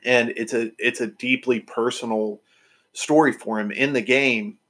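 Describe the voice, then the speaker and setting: A man's voice: medium pitch, fairly even intonation, measured pace, fairly bright tone. A man hosting a podcast, chatting casually and enthusiastically with lots of fillers and restarts. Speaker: podcast host.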